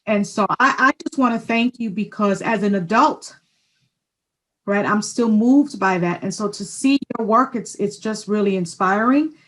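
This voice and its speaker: A woman from New York, a former educator co-hosting a podcast, speaking emotionally with soft laughs. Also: mid-range voice, moderate pace, low-quality recording. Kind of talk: casual podcast chat.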